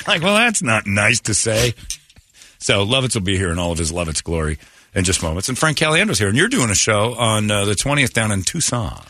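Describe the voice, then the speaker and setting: A man hosting a morning radio show, chatting and joking in a loose, animated way. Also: lowish voice, fairly quick, no echo, clean studio sound. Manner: animated, jokey, exclamatory. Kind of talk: casual radio banter.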